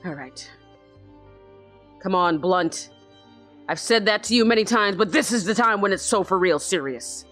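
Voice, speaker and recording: A woman's voice: mid-range voice, animated, a little slow, pauses often, fairly bright tone, soft background music. A woman giving casual, rambling let's-play commentary while playing a story game. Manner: rambling, chatty, self-aware. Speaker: gaming video host.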